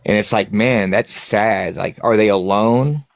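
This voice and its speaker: A man, a paranormal investigator, chatting casually and telling his investigation stories in an animated way. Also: fairly low pitch, measured pace. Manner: animated storyteller, acts out scared reactions. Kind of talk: casual chat.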